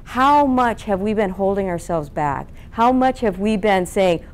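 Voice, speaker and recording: Woman, public speaking coach at a seminar, expressive, plays voices, faint rumble in the room. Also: a little slow, few pauses. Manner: expressive, asks the room questions, acts out flat and lively voices. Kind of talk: seminar talk to a live group.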